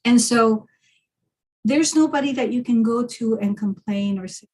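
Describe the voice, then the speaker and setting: A woman's voice: a little high, a little slow, a little mellow, low-quality recording. A woman, a guest on a video call, talking reflectively through a personal story with frequent restarts. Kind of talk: casual conversation.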